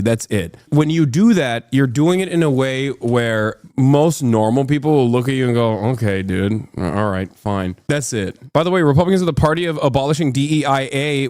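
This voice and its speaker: A man reacting on a live stream with heated, profane political commentary in rapid bursts. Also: mid-range voice, a little mellow, no echo, studio quality.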